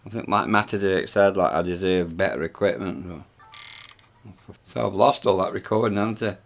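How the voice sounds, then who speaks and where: Low, deep-voiced British man running a home experiment on camera, chatty, swears a lot. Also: normal speed, gravelly, muffled recording. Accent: British English. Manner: chatty, thinks aloud, swears freely. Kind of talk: talking through a home experiment.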